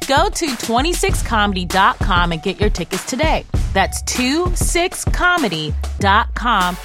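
A woman's voice: on the high side, sing-song, a little slow, music in the background. A woman co-host reading show promos and credits in a playful, jokey way. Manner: playful, jokey, goofy asides. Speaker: podcast co-host. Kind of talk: casual chat and show promos.

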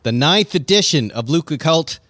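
A man's voice: a little high, moderate pace, no echo. A man co-hosting a casual talk show, telling stories and acting out the other people's lines as he goes. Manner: animated storyteller acting out quoted voices. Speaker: podcast co-host. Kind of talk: casual chat, storytelling.

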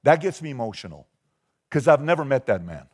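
Man, forties, from Iran, motivational speaker, live-audience talk, emphatic, mid pitch, rhetorical questions. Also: very animated, brisk, a little mellow, breathy edge. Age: 40s.

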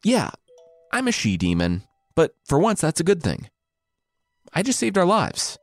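A sardonic she-demon wife, as a male storyteller puts her on, blunt and protective, talking in flippant, dry modern slang. The voice is lifted well above his usual low pitch and swings widely. It sounds dry and close, with no room around it. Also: huge pitch swings, normal speed, darkish tone, dry recording, faint music behind. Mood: breezy.

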